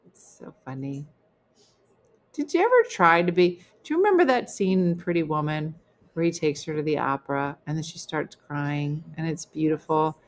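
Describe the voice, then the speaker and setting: A middle-aged woman with a slightly low voice, hosting a casual live show. She rambles through funny stories, chats with viewers and laughs at herself. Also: animated, normal speed. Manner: chatty, rambling, laughs at her own stories. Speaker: host of a live chat show. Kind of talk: casual storytelling chat with viewers.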